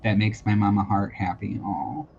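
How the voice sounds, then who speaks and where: A man's voice: lowish voice, fairly even intonation, moderate pace, gravelly, darkish tone. A man hosting a live-streamed tarot and psychic reading, talking casually and reassuringly with lots of fillers and repeated phrases. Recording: dull lo-fi sound with faint background noise.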